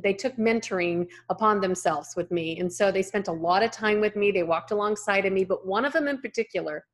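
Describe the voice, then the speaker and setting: A guest author and speaker in her fifties, originally from California, tells a personal faith story in a podcast interview. Her medium-pitched voice moves a little fast, and she narrates earnestly, acting out the voices in quotes.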